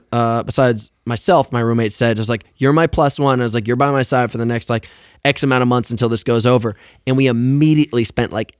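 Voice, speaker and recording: A man's voice: medium pitch, smooth, no echo, clean studio sound. A young man in casual podcast chat, telling stories animatedly, swearing and acting out quoted lines. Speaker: podcast guest.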